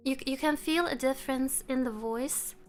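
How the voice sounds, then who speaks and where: A woman streamer chatting casually with her viewers. She is relaxed and laughs often. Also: sits high, normal speed, soft background music. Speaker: live streamer. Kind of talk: casual live-stream chat. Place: room at home.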